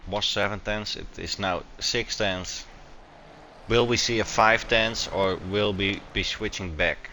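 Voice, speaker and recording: Excitable man commenting a sim race. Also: fairly low pitch, takes it slowly, slight background noise. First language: not English. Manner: excitable, loose, stumbling over words.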